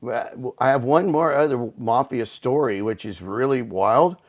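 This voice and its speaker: A man as a podcast guest, telling animated anecdotes in casual talk, full of "like" and "you know". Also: medium pitch, measured pace. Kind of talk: casual storytelling.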